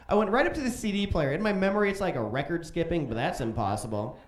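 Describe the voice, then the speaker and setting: Animated comedian from Chicago in a roomy club. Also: male voice, high voice, a little fast. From Chicago, USA. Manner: animated, profane, jumps into loud voices for quotes. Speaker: stand-up comedian. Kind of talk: stand-up comedy storytelling. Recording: roomy club stage echo.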